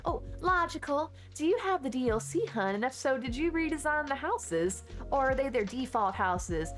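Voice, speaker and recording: A woman's voice: high voice, animated, normal speed, soft background music, voice pushed up. Woman putting on a flirty Southern belle. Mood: coy. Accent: put-on Southern US drawl. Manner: coy and drawling, with playful sass.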